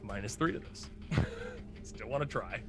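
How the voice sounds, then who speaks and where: A man playing a tabletop role-playing game, excitable, swearing and yelling in character. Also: fairly low pitch, a little slow, music in the background. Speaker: player.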